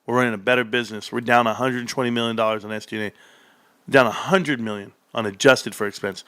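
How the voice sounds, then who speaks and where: Excitable man reading numbers aloud. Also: medium pitch, normal speed, pauses often, no room sound, clean studio sound. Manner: excitable, reads figures aloud, jumps to shouts. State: out of breath. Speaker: stock livestream host. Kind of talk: live reaction to earnings report.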